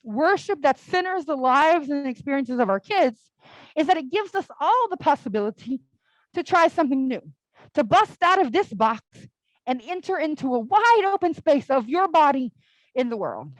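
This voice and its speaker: A young adult woman gives a conversational all-ages sermon at a church service, telling stories casually and saying "like" often. Her voice is high-pitched and sing-song at normal speed, with no room sound and poor audio.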